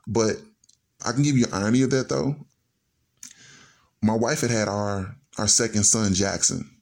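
A man's voice: on the low side, normal speed, creaky, a little mellow. A man earnestly telling a personal family story on a radio show, linking his sentences with "and so" as he goes. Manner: earnest, heartfelt, strings clauses with "and so". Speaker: storyteller guest.

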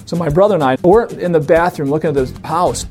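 A man telling a funny story from his youth in a casual, animated way, laughing often and acting out the voices of others. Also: a little high, fast talker, music in the background. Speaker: storyteller guest. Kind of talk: casual anecdote.

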